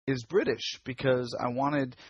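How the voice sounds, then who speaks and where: A man's voice: medium pitch, unhurried, husky, dry recording, lo-fi sound. A man hosting a fan podcast, talking in a chatty, casual way with lots of fillers and restarts. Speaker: podcast host. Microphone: computer mic on a video call.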